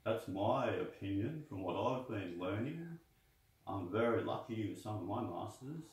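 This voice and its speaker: Lowish voice, guy coaching kung fu breathing, rambly and casual, big echo, mic far off. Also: expressive, unhurried. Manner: rambling, folksy, guiding breathing counts. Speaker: martial arts teacher. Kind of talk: casual instructional talk. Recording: echoey room, distant mic.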